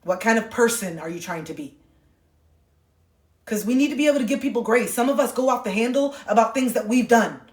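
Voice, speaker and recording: A woman's voice: on the high side, expressive, brisk, echoey room. A woman speaking earnestly and from the heart on a phone livestream, swearing casually as she talks. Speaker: livestream host. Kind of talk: candid livestream monologue.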